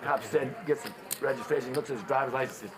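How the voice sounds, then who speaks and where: A man playing poker who tells drawn-out jokes with restarts. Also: mid-range voice, crowd noise. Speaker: poker player. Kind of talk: telling jokes at the table.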